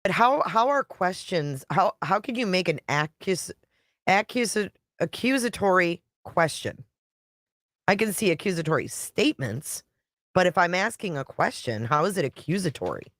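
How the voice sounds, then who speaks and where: A woman's voice: on the low side, big pitch swings, normal speed, fairly bright tone, dry recording, clean studio sound. A woman YouTube creator talking casually on a live stream, chatty and blunt, reading viewer comments and swearing now and then.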